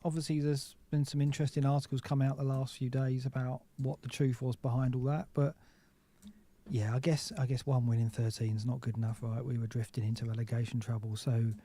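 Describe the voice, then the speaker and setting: A man's voice: medium pitch, level tone, brisk, warm tone. A man co-hosting a casual podcast in an easygoing, wry way. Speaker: podcast co-host. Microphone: desk mic into podcast mixer.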